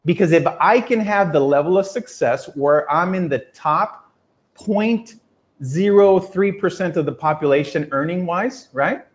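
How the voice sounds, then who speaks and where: A man giving an energetic, emphatic motivational talk to a group, telling stories and acting out quotes. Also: sits high. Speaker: business coach. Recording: lo-fi muffled audio.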